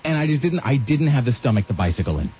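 A man's voice: medium pitch, quick pace, husky. A man hosting a radio show, telling rambling stories with lots of asides in casual on-air banter. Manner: rambling, animated storytelling with asides. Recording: dull lo-fi radio sound.

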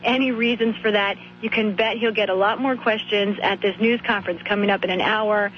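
Hoarse woman radio correspondent. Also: medium pitch, steady tone, a little fast, dull audio, slight background noise. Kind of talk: live reporting phone-in.

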